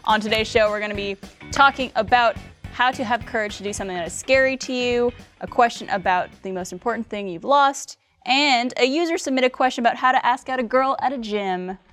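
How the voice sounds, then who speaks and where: A woman's voice: a little high, a little fast, soft background music. A woman hosting a podcast, chatting casually and laughing often with her guests. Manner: laughs often, relaxed banter. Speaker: host. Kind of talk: casual chat.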